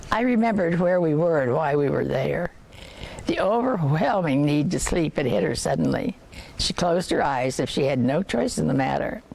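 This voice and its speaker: An older woman reads a novel aloud in a low, gravelly voice. Her pitch rises and falls freely as she goes, measured and unhurried, stumbling now and then and starting a word again. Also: a little mellow. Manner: measured reading with occasional slips and restarts. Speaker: reader.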